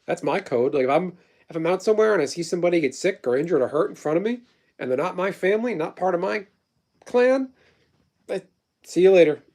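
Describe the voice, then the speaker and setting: Man, 30s, livestream host, higher-pitched voice, blunt rambling delivery with swearing. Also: lively intonation, fairly quick, a little mellow. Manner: rambling, profane, blunt storytelling; replies to chat messages. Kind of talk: casual livestream chat.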